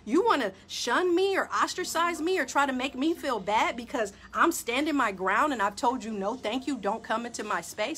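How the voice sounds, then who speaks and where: A woman hosting a talk show, telling a personal story in an animated, emphatic way and speaking straight to her listeners. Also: high voice, normal speed, few pauses. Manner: animated, emphatic, addresses audience directly. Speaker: podcast host.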